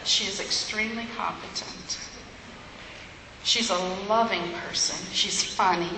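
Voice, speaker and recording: A woman's voice: mid-range voice, a little slow. An older woman giving a chatty farewell speech as a ministry leader, laughing at her own jokes. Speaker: outgoing women's ministry leader. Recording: echoey hall with noise.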